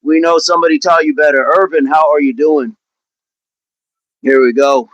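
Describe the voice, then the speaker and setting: A man's voice: fairly high pitch, steady tone, moderate pace, fairly bright tone, no room sound, highs cut off. A man hosting a live workout stream, chatting upbeat with viewers and counting reps aloud. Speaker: fitness coach hosting a livestream.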